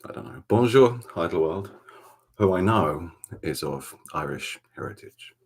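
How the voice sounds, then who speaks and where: A man with a Welsh accent hosting a relaxed ASMR livestream from a dark room at home, chatting softly and greeting viewers by name. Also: extremely low pitch, moderate pace. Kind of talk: soft-spoken ASMR chat.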